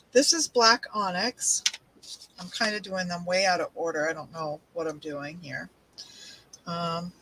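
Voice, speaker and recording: A woman's voice: mid-range voice, fairly bright tone, a little hiss or hum, low-quality recording. An older woman hosting a craft livestream, chatting casually and rambling as she unpacks supplies and greets viewers by name. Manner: talks while unpacking and showing craft supplies.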